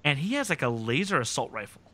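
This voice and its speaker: A man hosting a podcast recaps episodes in casual chat, telling the story animatedly and eagerly quoting scenes with joking relish. He speaks fast at a medium pitch, with no room sound.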